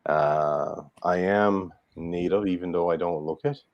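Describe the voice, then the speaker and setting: Deep-voiced retired man from Newfoundland. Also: steady tone, a little slow, creaky, dry recording, lo-fi sound. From Newfoundland, Canada. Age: older. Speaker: guest. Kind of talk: interview conversation.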